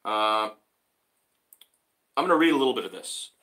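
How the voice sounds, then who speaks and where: A man's voice: lowish voice, expressive, bright, forceful tone, poor audio. A man hosting his own small show, reading a newspaper article aloud and breaking off to comment, with hesitant fillers and restarts. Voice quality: halting, with frequent fillers and restarts. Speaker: host.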